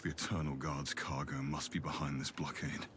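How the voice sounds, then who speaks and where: A grim British soldier. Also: male voice, little pitch movement, moderate pace, a little hiss or hum. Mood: grave. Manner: low, grave, quiet. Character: grim young male soldier in a dark war.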